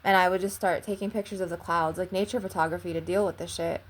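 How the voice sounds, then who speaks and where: A young woman with a slightly low voice tells a story to her viewers. She rambles and leans hard on "like". Her swearing runs all through it. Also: steady tone, fast talker, slight background noise. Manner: rambling, heavy use of "like", frequent swearing. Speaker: vlogger. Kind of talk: casual storytelling.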